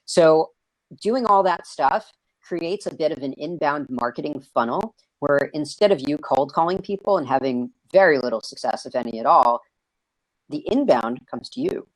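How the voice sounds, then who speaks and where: Host type: an excitable man chatting over a video call, bouncy delivery, dry close sound. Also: fairly high pitch, normal speed, dry recording, poor audio. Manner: energetic, excitable, raises his voice. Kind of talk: casual live video-stream chat.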